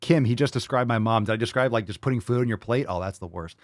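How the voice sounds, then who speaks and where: Speaking quickly at a medium pitch, this middle-aged man hosts a fitness show and reads livestream chat comments with blunt, profane mockery. There's a little hiss or hum on the recording.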